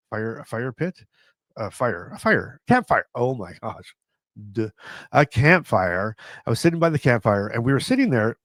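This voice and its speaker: A middle-aged man from Canada talks to camera in a chatty, self-mocking vlog. He laughs at his own stories and restarts his sentences. His mid-pitched voice sounds close and dry, with no room around it. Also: dry recording. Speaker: vlogger. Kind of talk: casual storytelling to camera.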